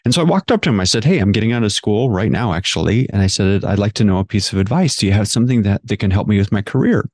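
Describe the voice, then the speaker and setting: A man's voice: fairly low pitch, expressive, quick pace, hardly any pauses, a little mellow, dry recording, clean studio sound. A male hair-education director and guest, earnestly telling stories in casual conversation, often restarting his sentences. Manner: earnest, many restarts and repeated words.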